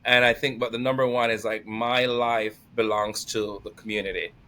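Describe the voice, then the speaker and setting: A middle-aged man talking casually as a podcast guest, energetic and emotional, laughing often and near tears. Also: mid-range voice, moderate pace. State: tearful. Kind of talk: casual conversation.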